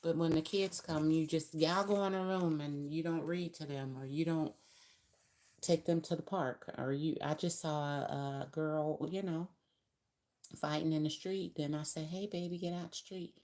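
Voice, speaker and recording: Woman, low voice, chatty live-stream tarot reader with emphatic spiritual asides. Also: fairly even intonation, measured pace, darkish tone.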